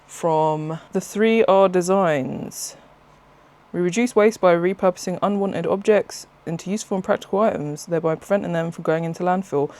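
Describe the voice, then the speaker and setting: Talking at a moderate pace in a medium-pitched voice, the craft vlogger keeps things casual and chatty. She wanders from point to point excitedly, laughing often and stopping mid-thought.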